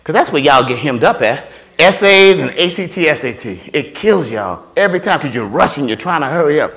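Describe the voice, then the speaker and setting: A man giving an animated motivational talk to students about finding scholarships, playful and repetitive, acting out voices and sounds. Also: a little high, fairly quick, vocal fry. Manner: playful, repeats phrases, acts out voices and sounds. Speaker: scholarship workshop speaker.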